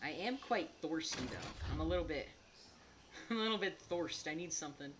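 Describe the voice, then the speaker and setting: Young woman streamer, casual and giggly, slightly low voice with an animated swing. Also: normal speed, noisy background. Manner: chatty and giggly, laughs often. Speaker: gaming streamer. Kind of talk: casual gameplay commentary.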